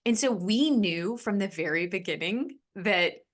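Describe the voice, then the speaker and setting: A woman's voice: mid-range voice, lively intonation, measured pace. Earnest woman host telling a personal story. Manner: earnest and emotional, speeding up in bursts. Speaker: podcast host.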